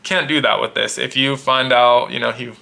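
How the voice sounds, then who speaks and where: A man casually demonstrating and reviewing gear, explaining in a relaxed way and thinking aloud with small restarts. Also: mid-range voice, moderate pace, vocal fry.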